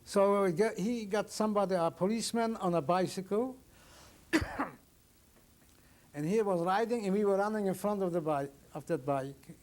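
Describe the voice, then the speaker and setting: Older man survivor in oral history testimony, somewhat high voice, halting, plain storytelling. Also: a little mellow. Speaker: Holocaust survivor interviewee.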